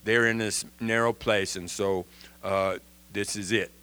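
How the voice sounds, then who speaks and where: A man giving an informal Bible lesson in an animated way, often restarting and repeating words. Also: fairly low pitch, unhurried, clear, resonant tone. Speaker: Bible teacher.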